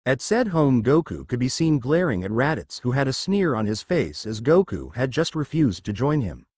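A man narrating a fan-fiction story in a steady reading voice. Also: medium pitch, moderate pace, slightly rough, no echo, studio quality.

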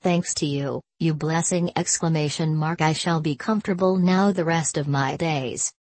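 A gentle old spinster from a storybook, spoken slow and thoughtful by a woman reading her lines. The voice sits low and the sound is dry and close. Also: no echo. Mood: grateful. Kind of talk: storybook character voice.

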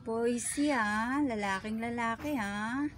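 A woman vlogger chatting casually in her backyard, cooing and fussing at her animals with sudden high squeals. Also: slow. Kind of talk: casual chat to her pets. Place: outdoor backyard with chickens. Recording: loud backyard noise with crowing roosters.

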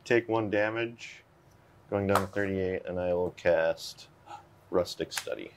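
Deep-voiced British man. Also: a little slow, a little hiss or hum. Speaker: card game player. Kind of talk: casual game chat.

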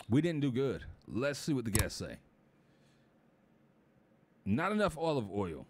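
A man's voice: medium pitch, a little hiss or hum. A man narrating a cooking game, talking to viewers and getting flustered and panicky. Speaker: gaming YouTuber. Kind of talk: casual gameplay commentary. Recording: loud game music behind.

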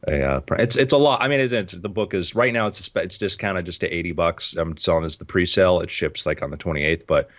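A man's voice: deep voice, fast, few pauses, a bit bright, dull audio. A man who designs illusions and writes books, chatting casually and rambling about his work. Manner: rambling, self-promoting. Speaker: illusion designer and book author. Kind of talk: casual chat.

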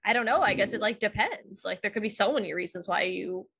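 A woman's voice: medium pitch, fast, a bit bright, slightly rough, no room sound. A young adult woman speaking as a podcast guest in casual, chatty conversation, often saying "like" and laughing easily.

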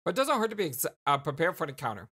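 A woman hosting a let's play, reading the game text aloud and chatting with viewers. She is stuffy and congested, giggly, and signs off with warm, affectionate words. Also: low voice, sing-song, very fast, husky.

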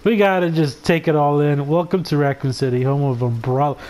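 A man giving excitable, laugh-filled let's play commentary, swearing freely as he reacts to the game. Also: on the high side, fairly quick. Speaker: gaming commentator.

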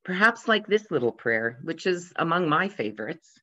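Here the pastor's mid-range voice keeps a normal speed with hardly any pauses as he preaches in church, gently recounting light humorous anecdotes. Quoted characters are voiced with brief, lively rises in pitch. Dull lo-fi audio.

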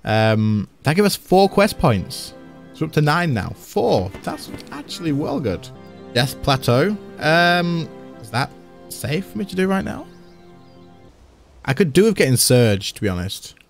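A man's voice: a little high, sing-song, a little slow, gravelly, faint music behind. A man, chatting casually and laughing as he plays a game on stream. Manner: chatty, laughs often, thinks aloud. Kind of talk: casual gameplay commentary.

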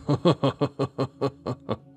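A man streaming live as he reads a comic and reacts to it, gushing and excitable. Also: medium pitch, very slow, faint music behind.

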